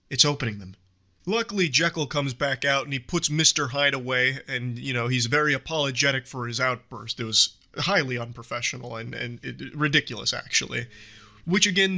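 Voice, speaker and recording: A man's voice: medium pitch, fairly quick, bright, forceful tone. A man narrating a commentary video in a dramatic, wry, hyperbolic manner. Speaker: commentary YouTuber.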